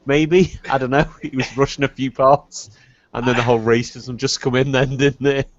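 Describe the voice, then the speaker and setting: A man's voice: medium pitch, normal speed. A man co-hosting a comedy podcast, reading a story aloud and chatting with laughs and swearing. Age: adult. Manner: animated, laughing, swears a lot. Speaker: podcast co-host, story reader. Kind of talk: casual comedy podcast chat and mock reading. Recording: dull lo-fi podcast audio.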